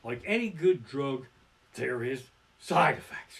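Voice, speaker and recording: A male stand-up comedian from Pennsylvania tells rambling, profane stories on a home live stream from his living room and often bursts into shouted punchlines. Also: mid-range voice, sing-song, measured pace, recorded from a distance. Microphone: simple home streaming setup.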